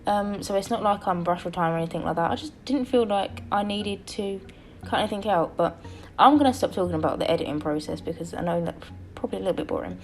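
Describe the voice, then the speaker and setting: Tired, slightly croaky woman rambling. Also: mid-range voice, expressive, quick pace, faint music behind. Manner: rambly, chatty, lots of fillers. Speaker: video creator narrating a build. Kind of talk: casual voice-over commentary.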